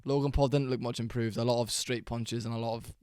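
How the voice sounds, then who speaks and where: A young man giving a casual, rambling reaction commentary, tired and low on energy, with fillers and swearing. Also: flat delivery, fast, a little mellow, clean tone, no echo, studio quality. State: sleepy, worn out. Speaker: MMA reaction channel host.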